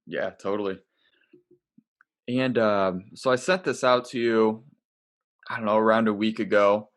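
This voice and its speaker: Relaxed low-voiced male podcast host. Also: measured pace. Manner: relaxed, conversational, asks questions. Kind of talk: casual interview chat.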